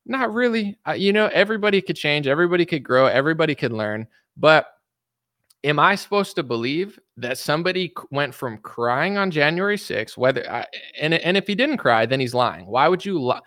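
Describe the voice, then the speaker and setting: Male commentator, blunt and sarcastic, slightly high-pitched, dry recording. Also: fairly bright tone, no room sound. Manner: blunt, mocking, rambling with restarts. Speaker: political commentator. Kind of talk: casual opinion commentary.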